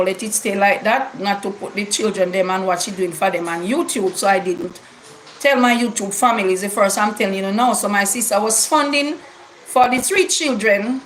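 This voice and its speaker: A woman's voice: medium pitch, slight background noise, rough recording. A middle-aged woman with a Jamaican accent, telling her viewers a long personal story in a casual, emphatic way, repeating words for stress. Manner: repetitive, emphatic storytelling with Jamaican English grammar. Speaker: YouTube vlogger.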